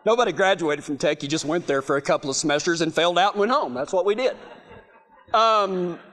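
A man's voice: sits high, fairly quick. A middle-aged man giving a humorous storytelling talk, laughing often as he goes. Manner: laughing, animated storyteller with restarts. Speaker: speaker.

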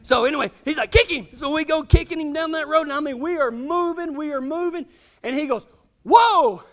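A man telling a self-deprecating, humorous story in a sermon, animated and laughing often. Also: very high-pitched, fast.

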